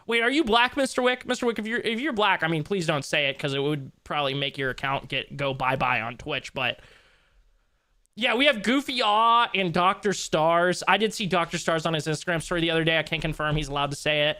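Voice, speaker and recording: A man's voice: high voice, bright, forceful tone. A young man livestreaming, chatting casually with his viewers in a loose, joking, slangy way and laughing easily.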